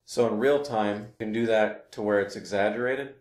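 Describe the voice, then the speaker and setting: A man teaching clarinet in a casual, relaxed way, talking through his points with frequent fillers. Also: lowish voice, moderate pace. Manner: relaxed, explains with fillers and demonstrations. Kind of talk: casual instructional talk. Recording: roomy echo.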